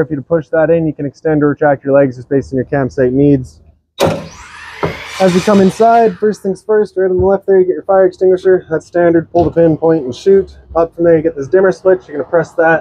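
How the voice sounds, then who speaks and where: A man with a fairly high-pitched, darkish voice, heard through a muffled recording, presents an RV sales walkthrough. He gives a casual but practical, instructive tour of a travel trailer, starting outdoors and then moving inside.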